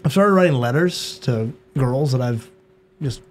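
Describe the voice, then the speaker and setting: A man's voice: medium pitch, lively intonation, measured pace, slight background noise. A man as a guest on a podcast, talking candidly and self-deprecatingly, often tagging on "right?" and "dude". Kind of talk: casual podcast conversation.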